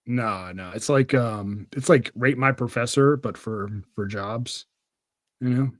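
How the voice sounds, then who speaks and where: A man's voice: mid-range voice, measured pace, a bit bright, no echo. A young man hosting a podcast, chatting casually, with a rambling, profane way of talking and lots of fillers. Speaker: podcast host. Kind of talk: casual chat.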